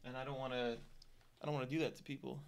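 A man's voice: medium pitch, level tone, fast talker, creaky, slight background noise. A man co-hosting a stream, giving sarcastic running commentary on a bad novel being read aloud. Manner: mocking, exaggerated, bursts of laughter. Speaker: stream co-host.

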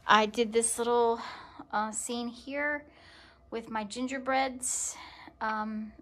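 A woman giving a casual tour of her home in a vlog, talking gently with many ums and pauses. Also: on the high side, steady tone. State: emotional. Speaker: vlogger. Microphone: handheld camera walked around.

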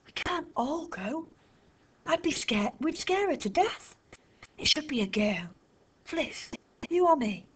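A woman's voice: high voice, big pitch swings, slow, pauses often, voice pushed up, exaggerated voice. A woman doing an anxious sensible schoolgirl. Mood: worried.

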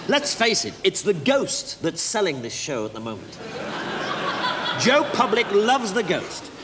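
An actor with a high-sitting, exaggerated voice plays a pushy, glib theatre producer in a live comedy sketch, talking in a coaxing, salesman-like patter. The live stage audio carries hall reverb and noise.

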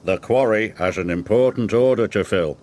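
A man's voice: on the low side, moderate pace, darkish tone, natural voice. A man voicing a formal male railway boss in a storybook reading, with background music. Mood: stern.

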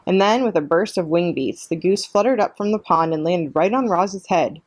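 A woman librarian reading a children's chapter book aloud as a calm bedtime story. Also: on the low side, normal speed, dry recording.

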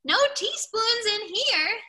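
A woman voicing a hyper, clumsy male iguana helper in a storybook read-aloud, squeaky and excited. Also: slow, full character voice.

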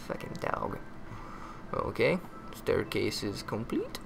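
Bright-voiced man muttering over gameplay. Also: on the low side, expressive, moderate pace, soft background music. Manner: muttering, easily frustrated, yelps and curses at the game; crude joking. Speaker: gameplay commentator. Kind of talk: casual game commentary.

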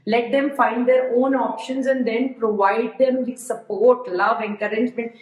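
A woman co-hosting a podcast in casual chat, giving advice to parents in a measured, explanatory way. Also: fairly high pitch, fairly even intonation, highs cut off. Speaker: podcast co-host. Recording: echoey room.

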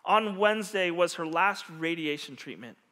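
A middle-aged man preaching a sermon, telling a story earnestly with quiet pauses and soft, lowered endings. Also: expressive, slight background noise. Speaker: pastor. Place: church hall. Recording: long reverb of a large hall.

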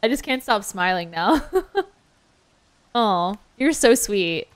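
A woman's voice: medium pitch, animated, takes it slowly, clean tone. A young adult woman livestreaming as she games, giggly and gushing, swearing casually in everyday chat.

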